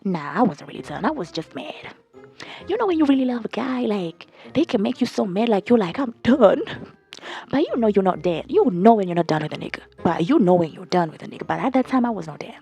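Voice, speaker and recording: A young woman vlogging a storytime, talking straight to her viewers like a friend spilling gossip. She is blunt and profane, and her voice has a husky edge. Faint music sits underneath her. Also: mid-range voice, sing-song, fast talker, warm tone. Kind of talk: casual storytime chat.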